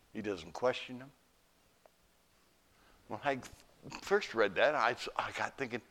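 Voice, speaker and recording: A middle-aged pastor giving a folksy sermon, telling stories and asking rhetorical questions. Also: male voice, on the high side, bright, forceful tone.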